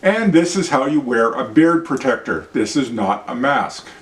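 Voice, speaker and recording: A man's voice: mid-range voice, animated, normal speed. Man, blunt ranting delivery, profane, distant mic, echoey room. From Canada. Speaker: show host. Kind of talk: opinion vlog monologue and demonstration. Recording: roomy sound, mic at a distance.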